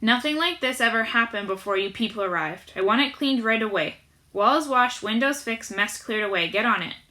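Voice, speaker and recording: A gruff, suspicious farm boss barking orders and demanding answers, loud and raised, as a woman puts him on. The voice stays bright and a little high for a man, with a hard scolding edge in this storybook telling. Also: expressive, moderate pace. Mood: commanding. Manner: yelling, demanding, scowling.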